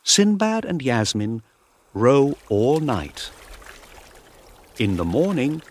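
A man narrating a storybook slowly and clearly, paced for learners. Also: mid-range voice, sing-song. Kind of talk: storybook reading.

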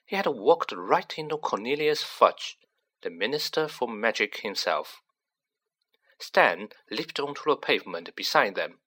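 Slow, bright-voiced male storyteller. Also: medium pitch, breathy edge. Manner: unhurried, expressive. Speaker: audiobook narrator. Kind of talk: storybook narration.

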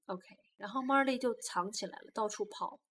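A woman's voice: a little high, normal speed, a bit bright, slightly rough. A woman quizzing a child on a storybook, patiently asking leading questions during reading time.

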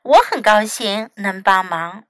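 A woman voicing a cheerful, kind female duck in a children's story, speaking slowly and sweetly. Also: medium pitch, expressive, dry recording, voice pushed down. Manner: slow, bright, soothing storybook voice.

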